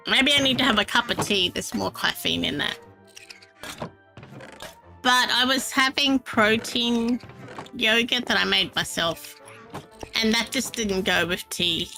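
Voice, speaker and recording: A Minecraft streamer with a slightly high voice chats casually as she plays and builds in the game, often laughing and poking fun at herself. The recording quality is low.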